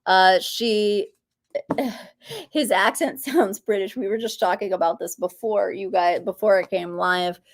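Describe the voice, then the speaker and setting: A woman's voice: medium pitch, measured pace. A woman hosting a casual live Q&A, reading viewer comments aloud and chatting freely. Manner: chatty, reads viewer comments aloud, coos at her bird. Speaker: livestream host.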